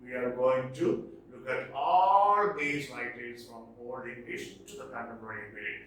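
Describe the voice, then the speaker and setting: A man teaching English literature in a recorded lecture, explaining terms slowly and repeating key points. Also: mid-range voice, fairly bright tone, a little hiss or hum. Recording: very echoey room, mic at a distance.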